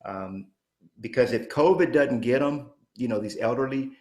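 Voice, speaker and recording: A man's voice: mid-range voice, moderate pace, a little mellow. Fifties guy giving a pumped-up real estate training, mid voice, keeps asking okay?. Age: 50s. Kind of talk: motivational training talk.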